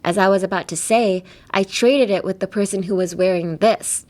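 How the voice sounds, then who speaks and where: A woman's voice: mid-range voice, lively intonation, very fast, darkish tone, natural voice. A woman reading as a flustered teenage boy. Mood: defensive. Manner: defensive, stammering.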